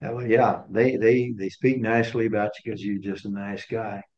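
A man's voice: on the low side, steady tone, moderate pace, darkish tone. Guy leading a bible study, chatty, keeps restarting his words, kinda muffled lo-fi sound. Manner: conversational, repeats and restarts words. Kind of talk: casual teaching to a small group.

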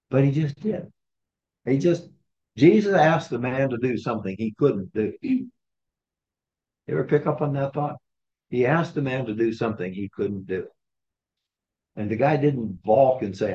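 A man leads a small group through scripture as their Bible study leader, teaching conversationally, asking questions and voicing the quoted lines. His medium-pitched, slightly mellow voice has lively intonation and a measured pace with frequent pauses, on a dull lo-fi recording.

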